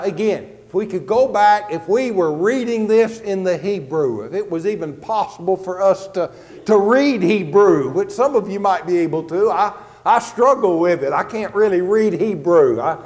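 A man preaching to a congregation in a church sanctuary, and his voice sits fairly high for a man. His teaching is plain and conversational, and he slows down when he reads scripture aloud. The sound carries a long reverb from the hall. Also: darkish tone. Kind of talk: sermon.

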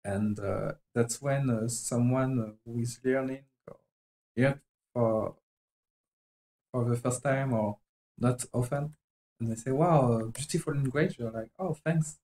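Brief: French man, mid-pitched voice, halting English with a French accent, casual live-stream chat while drawing. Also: fairly even intonation, dark tone, low-quality recording. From France. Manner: halting and chatty, often searching for words.

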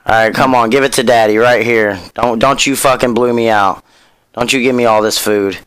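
A man hosting a casual gaming voice chat, loud and profane as he hypes up his summons. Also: medium pitch, fairly even intonation, moderate pace, smooth, no room sound. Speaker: channel host opening shards.

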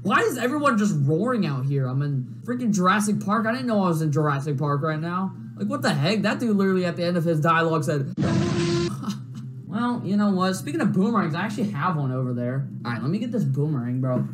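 Excitable young male gaming host. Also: fairly high pitch, quick pace, few pauses. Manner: excitable, jokey, loud outbursts. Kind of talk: let's-play commentary. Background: game music.

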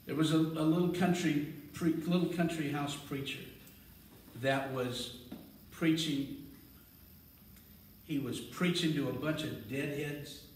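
A male pastor preaching a sermon, building to loud, fervent emphasis. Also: a little high, steady tone, slow, long pauses, a little hiss or hum. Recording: echoey room, distant mic.

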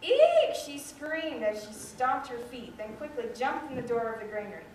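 A woman reading a children's story aloud with lively expression at a school program. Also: a little high, moderate pace. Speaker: student reader. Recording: echoey hall from far off, noisy.

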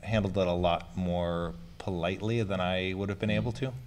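A man with a fairly low voice moderates a comics panel. He chats loosely and mocks himself with a joking edge. Faint noise sits behind him. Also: level tone, moderate pace, a little mellow. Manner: self-mocking, loose and joking. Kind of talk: casual panel conversation.

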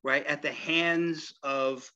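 A man's voice: on the high side, steady tone, slow, bright, forceful tone, smooth, muffled recording. A man giving a conversational history lecture at a library, with frequent "right?" and "you see?" asides to his listeners. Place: public library meeting room.

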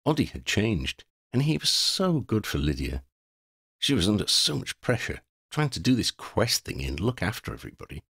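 Gravelly, animated male storyteller. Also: on the low side, moderate pace, dry recording, studio quality. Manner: expressive, playful. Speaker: audiobook narrator.

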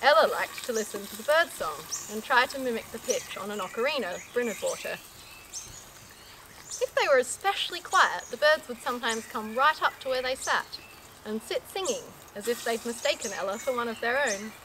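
High, lively woman reading a story. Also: a little fast, noisy background. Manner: amused, often laughing between lines. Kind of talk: reading a comic story aloud.

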